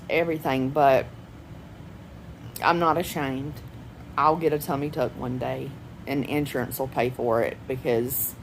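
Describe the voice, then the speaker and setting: A woman's voice: low-pitched, a little hiss or hum, low-quality recording. A woman, rambling chattily and laughing often in a personal home vlog. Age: 40s. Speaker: vlogger. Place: at home indoors.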